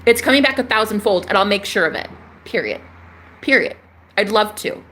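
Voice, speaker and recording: A woman's voice: mid-range voice, fast, fairly bright tone, slight background noise. A young adult woman ranting in a casual spiritual vlog, fiery and emphatic, swearing freely and repeating herself for emphasis. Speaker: spiritual vlogger.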